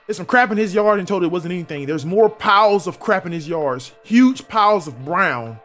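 A man's voice: sits high, brisk, soft background music. A young man from South Carolina, giving joking, casual commentary on a game and talking to his chat. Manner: animated, joking, talks to chat. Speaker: streamer.

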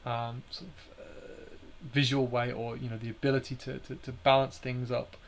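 Man, gravelly voice, hesitant live stream presenter, explaining slides. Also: medium pitch, level tone, moderate pace. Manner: hesitant, many fillers and restarts, explanatory. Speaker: bonsai teacher hosting a live stream.

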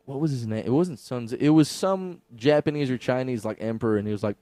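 A man's voice: mid-range voice, fast talker, dark tone, no echo. A young man co-hosting a comedy podcast, goofy and riffing, swearing and laughing a lot. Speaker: podcast co-host. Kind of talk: casual comedic chat.

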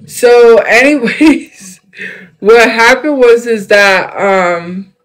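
A man's voice: extremely high pitch, very slow, a bit bright, rough recording. A young man chatting casually on a livestream. He rambles, jumps between topics and fills his talk with fillers.

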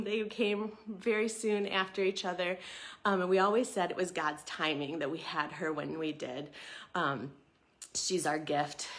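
Woman, 30s, slightly low voice, earnest, conversational, church devotional talk. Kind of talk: devotional talk with scripture reading.

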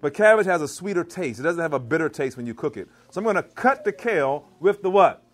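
A man with a fairly high voice and a Maryland accent runs a live cooking demo, bantering and quizzing the crowd as he works. His delivery is playful and lively, full of call and response. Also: quick pace. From Washington DC / Maryland area, US. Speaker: chef giving a cooking demo. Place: church hall, in front of a live audience.

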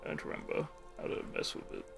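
A man's voice: fast talker, over music. A man streaming a game live, rambling casually, swearing freely and laughing often. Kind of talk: casual gameplay chat.

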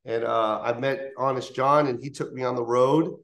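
In an interview studio, a comedian guest in his fifties shares anecdotes at normal speed in a mid-range voice. He's animated, slipping into impressions of the people in his stories.

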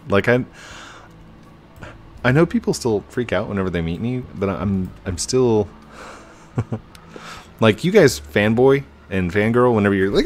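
A man in his thirties giving casual, chatty commentary while gaming, excitable and breaking into high squeals. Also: normal speed, long pauses, faint music behind. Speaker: YouTuber.

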